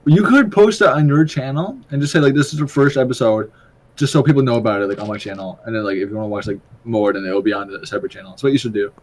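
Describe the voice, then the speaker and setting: A man's voice: medium pitch, fast. A young man co-hosting a casual podcast chat, laid-back, laughing often and swearing casually. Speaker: podcast co-host.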